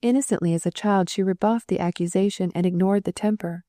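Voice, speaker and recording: A woman gives a measured, expressive audiobook reading in the style of storybook narration. Her voice is mid-range, and the sound is clean studio audio with no room sound.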